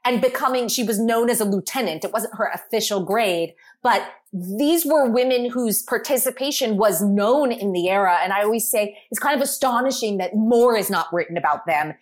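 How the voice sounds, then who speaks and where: A woman guest talking through a history topic on a podcast, explaining at length in a lively way with asides. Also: a little high, moderate pace, few pauses.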